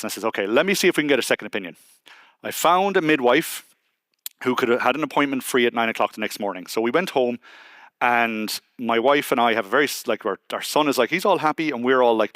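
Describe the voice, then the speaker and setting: On a conference hall stage, an Irishman with a mid-range voice tells a personal story in a chatty, conversational way. He keeps quoting people in lively asides, and the sound has no echo.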